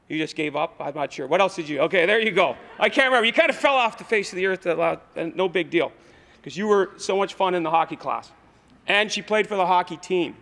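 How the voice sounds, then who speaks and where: A man's voice: a little high, a bit bright. Rambling man in an echoey hall. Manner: rambling, hesitant, full of fillers. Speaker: coach presenting an award. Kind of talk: speech at a school awards ceremony. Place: school gym or auditorium.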